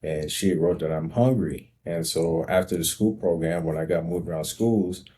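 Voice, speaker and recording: A man hosting his own show, slowly and reflectively recounting his life story with frequent pauses and ums. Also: low-pitched, mellow, a little hiss or hum. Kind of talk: personal storytelling monologue.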